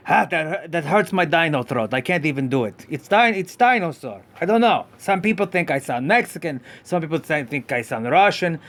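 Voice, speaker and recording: A man voicing a goofy male dinosaur puppet pup who hosts a live podcast, talking in a vague put-on foreign accent, rambling with many halting restarts. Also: on the high side, a bit bright. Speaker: podcast host. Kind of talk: live podcast character act.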